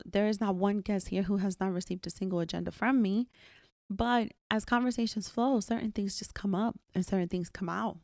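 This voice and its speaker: Female podcast host, solo, frank and emphatic, low gravelly voice, dry sound. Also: darkish tone, no echo. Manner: candid, emphatic, swears freely.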